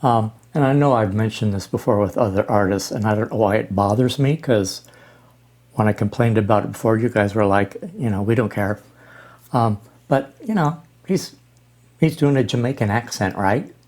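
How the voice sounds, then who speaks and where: A man in his sixties talking casually as he reacts to music, halting with frequent ums and restarts. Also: on the low side, a little mellow. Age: 60s. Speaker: reaction channel host.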